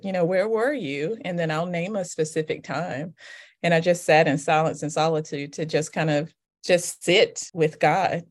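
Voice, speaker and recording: Soft-spoken woman, lowish voice. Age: adult with children. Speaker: guest, author. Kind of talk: reflective faith conversation.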